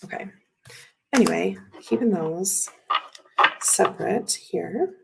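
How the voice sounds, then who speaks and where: A woman's voice: medium pitch, takes it slowly, gravelly, a little hiss or hum, low-quality recording. A woman in her thirties hosting a casual chat while showing tarot cards, talking in a rambling, chatty way with lots of fillers. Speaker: tarot reader and livestream host.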